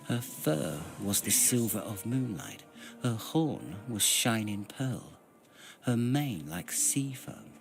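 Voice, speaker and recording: A man reading a fantasy novel aloud in a slow, expressive storytelling manner. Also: fairly low pitch, creaky. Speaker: reader. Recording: music behind.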